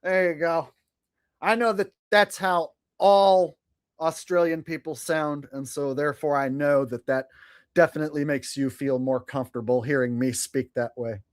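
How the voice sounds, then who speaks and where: A man hosts a live stream in a loose, sarcastic chat, swearing freely. His voice sits fairly high for a man. The recording is dry and close. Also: steady tone, normal speed, no echo. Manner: sarcastic, swears freely, laughs at own jokes.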